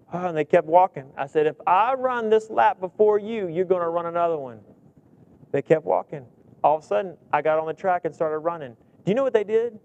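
A man preaching a sermon, who also coaches kids and tells stories with acted-out dialogue. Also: a little high. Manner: animated storytelling preacher, acts out dialogue.

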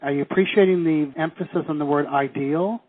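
A man leading a teleseminar, coaching listeners through phrases and slowing down to stress key words. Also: a little high, a little hiss or hum. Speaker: seminar leader. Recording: tinny phone line.

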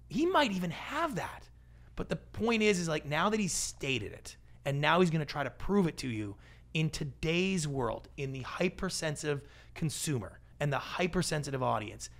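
Gravelly guy on a podcast, acts out little scenes as he talks, a bit high voiced. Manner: lively storyteller who acts out quoted voices. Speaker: guest, pitch expert and TV producer. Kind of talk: animated podcast interview.

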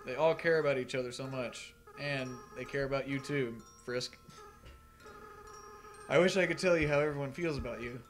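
A man reading aloud as a remorseful, tearful young goat-monster boy, in a soft, earnest and halting way. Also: medium pitch, faint music behind, close to an everyday voice. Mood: sad.

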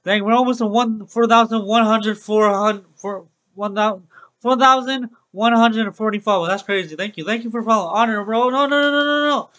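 A young man with a high-pitched, somewhat bright voice streams a game at a moderate pace and a steady tone, captured in low-quality audio. He talks upbeat with his viewers in casual Let's Play style, often repeating "bro."

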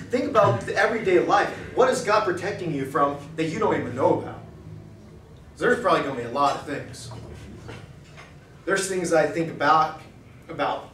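A man speaking at a men's breakfast in a cafe, preaching in an animated way and acting out quoted thoughts in a hushed voice. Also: on the high side, slight background noise. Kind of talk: preaching talk. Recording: echoey room, mic far off.

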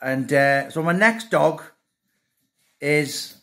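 A man's voice: fairly high pitch, very slow, fairly bright tone. A middle-aged man rambling emotionally to his phone camera in a casual monologue, mocking himself as he goes.

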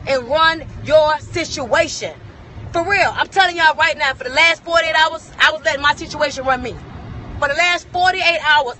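An emphatic woman preaches in a car, hammering the same lines over and over. Her voice sits very high and sounds bright and forceful. Faint car and street noise hangs behind her. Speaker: vlogger. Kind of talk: motivational rant in a car.

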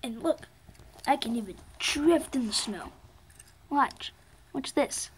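A woman's voice: high voice, expressive, slow, a little hiss or hum. A woman voicing an eager young male race car in a toy play-acted story, talking with stumbling repeats. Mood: cheerful.

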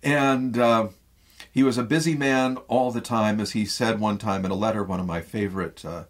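Man, Midwestern American accent, theatre professor, lecture, low voice, husky, filler-heavy storytelling. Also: normal speed. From Midwestern United States. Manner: animated storyteller with frequent fillers. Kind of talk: lecture retelling a play.

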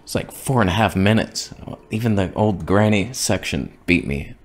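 A man's voice: sits low, animated, normal speed. A man vlogging in a casual, rambling, self-mocking way while in back pain. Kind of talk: casual vlog monologue.

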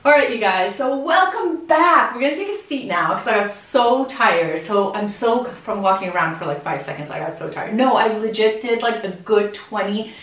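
A woman's voice: medium pitch, normal speed, few pauses, distant mic. Chatty woman vlogging in a roomy house. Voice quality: chatty, animated, addresses viewers directly. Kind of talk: casual vlog chat. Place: house interior.

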